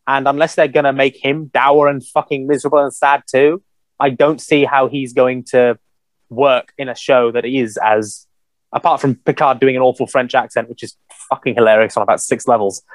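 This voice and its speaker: Guy co-hosting a podcast, lively, swears a lot, dry close sound. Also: medium pitch, moderate pace, dry recording. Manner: animated, swears freely, lots of "you know". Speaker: podcast co-host. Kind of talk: casual chat.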